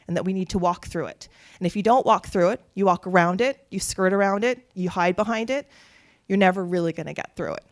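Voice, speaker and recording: Earnest woman telling stories on stage. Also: fairly low pitch. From Canada. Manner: earnest, animated storytelling with quoted voices. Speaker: keynote speaker. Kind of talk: personal storytelling speech.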